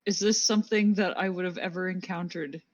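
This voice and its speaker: A woman playing a tabletop game on stream, giggly and excitable. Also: on the low side, brisk. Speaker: player. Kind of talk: casual tabletop play. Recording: dull, husky lo-fi mic.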